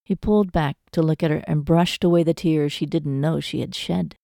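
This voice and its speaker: A woman narrating a romance novel audiobook in a measured, emotive storytelling manner. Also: sits low, steady tone, gravelly, mellow, no echo, clean studio sound.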